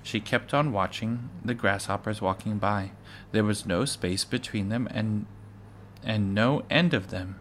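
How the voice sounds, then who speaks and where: Man, storybook read-aloud, very slow, measured with small stumbles, faint hiss. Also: lowish voice. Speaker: reader. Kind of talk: reading a children's book aloud.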